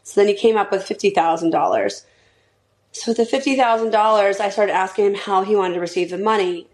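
A woman from Arizona, a mother, giving a steady personal account in an interview. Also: mid-range voice, fairly quick, rough recording.

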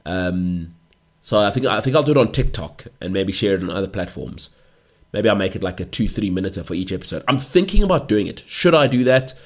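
A man hosting a solo podcast, rambling through jokey stories with mock-outraged asides. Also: fairly low pitch. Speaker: podcast host. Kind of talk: solo comic chat.

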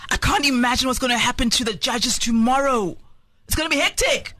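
A man with a South African accent hosting a radio show, talking in a lively, teasing way and laughing often. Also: extremely high pitch, fast talker, no room sound. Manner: animated, teasing, laughs often, switches languages. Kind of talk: lively studio chat. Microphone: studio microphone.

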